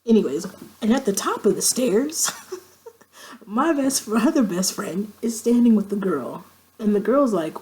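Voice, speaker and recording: A woman's voice: unhurried, a little hiss or hum, low-quality recording. A woman telling a long, profane story in a casual vlog, acting out quoted friends with her voice. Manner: animated, profane, acts out quoted friends with pitch jumps. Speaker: vlogger.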